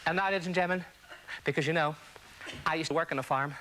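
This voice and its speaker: High-voiced man doing stand-up one-liners. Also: fast, sharp tone, slight background noise. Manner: chatty one-liner delivery to an audience. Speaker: stand-up comedian. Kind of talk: stand-up comedy routine.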